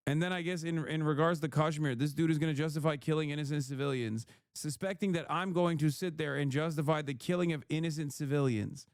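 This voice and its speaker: A man's voice: on the high side, fairly quick, few pauses, clean tone, no room sound, clean studio sound. A man streaming, heatedly reacting to and reading out chat messages, swearing often. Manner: heated, profane, reads chat messages aloud. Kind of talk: casual livestream rant.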